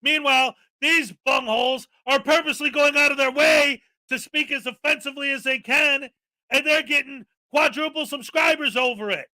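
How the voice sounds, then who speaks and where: Sarcastic high-voiced ranting man. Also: fairly even intonation, moderate pace, bright, forceful tone, no echo. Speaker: live-stream commentary host. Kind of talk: daily live-stream rant.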